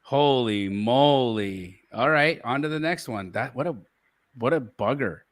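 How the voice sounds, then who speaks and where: Energetic male host, joking banter, bright tense voice. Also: mid-range voice, normal speed. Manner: joking, energetic, hyping the audience. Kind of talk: teaching session banter.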